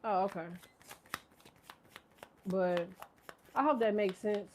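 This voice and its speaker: A woman's voice: mid-range voice, takes it slowly, slight background noise. A woman in her thirties giving a casual tarot reading, rambling, profane and laughing often. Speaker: tarot reader. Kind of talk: casual live tarot chat.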